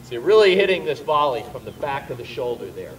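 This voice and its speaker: A man's voice: mid-range voice, very animated, quick pace, distant mic, slight background noise. A man teaching tennis on an outdoor court, explaining volleys while demonstrating shots and calling out coaching pointers. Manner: explaining while hitting balls, bursts of louder coaching. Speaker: tennis instructor.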